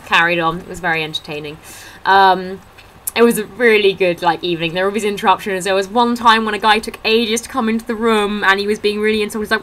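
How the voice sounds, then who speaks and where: A woman's voice: medium pitch, fairly even intonation, fast, bright, forceful tone, rough recording. A young woman chatting into her laptop webcam at home, telling funny stories and acting out what others said. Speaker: vlogger. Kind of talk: casual chat. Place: indoors at a table at home.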